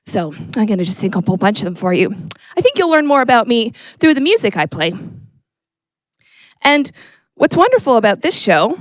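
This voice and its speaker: A woman doing a musical comedy set with deadpan, self-mocking asides as she introduces her songs. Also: a little high, dry recording. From Canada. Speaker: comedy singer. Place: stage filmed without audience. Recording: with guitar music behind. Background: acoustic guitar.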